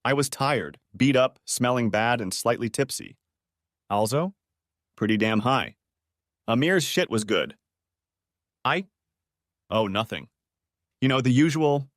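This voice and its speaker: A man's voice: mid-range voice, big pitch swings, unhurried, long pauses, a bit bright, no room sound, clean studio sound. Dramatic man narrating a story. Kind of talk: scripted first-person story narration.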